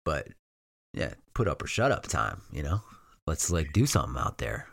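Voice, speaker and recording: Very low-voiced man chatting sports. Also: moderate pace, vocal fry, no echo, clean studio sound. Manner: relaxed, conversational, with hedging fillers. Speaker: podcast co-host. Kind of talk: casual sports chat.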